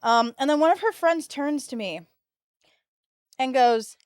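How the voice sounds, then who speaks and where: An early-20s American woman, 22, streams and chats with her viewers, an animated storyteller speaking in casual slang. She has a high voice and an unhurried delivery, recorded in clean studio sound with no room sound.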